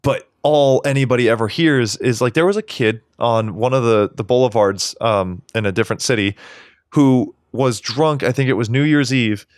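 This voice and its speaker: A man's voice: mid-range voice, moderate pace, no room sound, studio quality. A man co-hosting a podcast in casual chat, talking in a heated, rambling way and swearing a lot. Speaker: podcast co-host.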